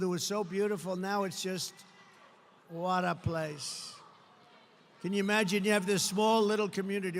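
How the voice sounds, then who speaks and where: Older male candidate at a rally podium, high gravelly voice, long hall reverb. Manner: repetitive, emphatic, sometimes shouting. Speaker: political candidate. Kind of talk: campaign rally speech. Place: large rally venue, indoors. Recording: long hall reverb, faint crowd ambience.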